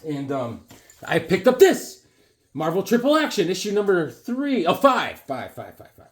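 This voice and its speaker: A man's voice: high-pitched, wildly swooping pitch, normal speed. A man, chatting casually about comics and rambling through stories while acting out the people he quotes. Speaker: comic collector vlogger. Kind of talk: casual chat showing comics.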